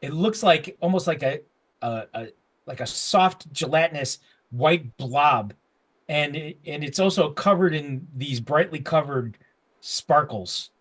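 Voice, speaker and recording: A man's voice: on the high side, expressive, a little slow, fairly bright tone. A man narrating a tabletop game as game master, rambling with restarts as he describes the scene. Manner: rambling, full of fillers and restarts.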